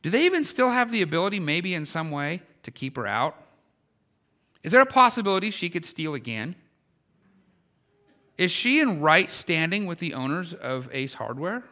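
On the higher side, sing-song, bright, and forceful, a middle-aged pastor's voice moves at a moderate pace. His conversational preaching rises in intensity, mixing everyday stories with emphatic questions.

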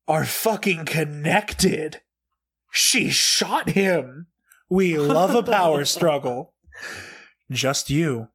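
A man casually reading out reaction notes. He is animated and swears a lot, often breaking into laughter. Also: fairly high pitch. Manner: animated, profane, frequent laughter. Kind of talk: casual comedic chat.

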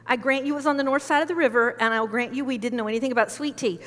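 Lady pastor giving a sermon, high voice, chatty asides, long hall reverb. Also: very fast, fairly bright tone. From United States. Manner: conversational, emphatic, frequent asides.

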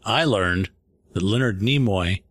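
Slow-talking laid-back man, dry sound. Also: on the low side, fairly bright tone, dry recording. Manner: laid-back, laughs often. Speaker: podcast co-host. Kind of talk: casual podcast chat.

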